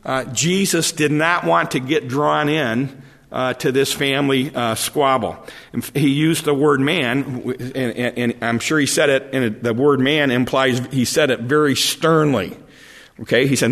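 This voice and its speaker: Male preacher, mid-pitched, gravelly, halting, repeats words, conversational sermon, long reverb. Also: fairly even intonation, fairly bright tone.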